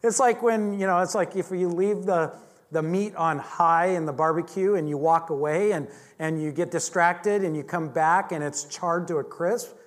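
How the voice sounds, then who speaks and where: A man's voice: on the high side, normal speed. A man teaching a Bible lesson in a chatty, joking sermon style, often restarting his sentences. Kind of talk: conversational sermon.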